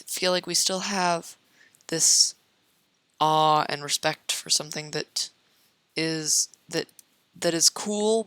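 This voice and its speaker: A woman's voice: sits low, a bit bright, clear, resonant tone, no room sound. A young American woman casually rambling while she plays a game, meandering with many fillers and restarts, her voice getting worn. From United States. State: losing her voice. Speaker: YouTuber.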